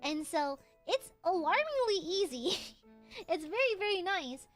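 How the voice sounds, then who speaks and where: A young adult woman streaming casually to her chat, switching from soft heartfelt talk to loud swearing outbursts. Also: extremely high pitch, unhurried, soft background music. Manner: excitable, swears, jumps from tender to shouting at chat.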